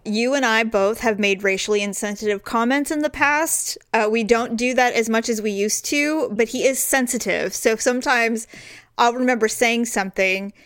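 A woman co-hosting a comedy podcast, telling stories in a frank, animated way with frequent laughter. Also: fairly high pitch, moderate pace, smooth, no echo, studio quality. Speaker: podcast co-host. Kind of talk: casual comedic chat.

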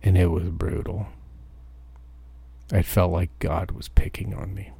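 A truck driver giving a profane, ranting podcast monologue. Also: male voice, sits low, flat delivery, unhurried, gravelly, warm tone, slightly rough.

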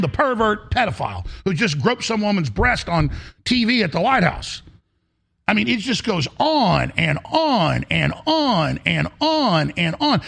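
A man's voice: high-pitched, creaky, a bit bright, slightly rough. A man hosting a talk show, delivering an emphatic, rambling monologue that circles back and repeats phrases. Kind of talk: ranting monologue.

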